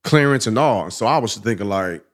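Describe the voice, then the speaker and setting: Animated slangy male podcast co-host. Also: fairly low pitch, fairly quick. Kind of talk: casual storytelling chat.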